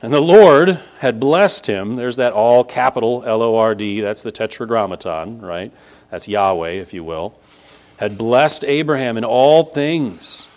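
A man's voice: medium pitch, lively intonation, unhurried. A man teaching a casual Bible lesson from a map. He talks in a conversational way, often checks in with "right?" and leans on key words for emphasis.

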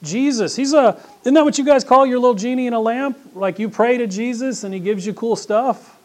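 A man putting on the voice of a flippant skeptic who mocks prayer, high and loud and sarcastic. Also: brisk. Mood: mocking.

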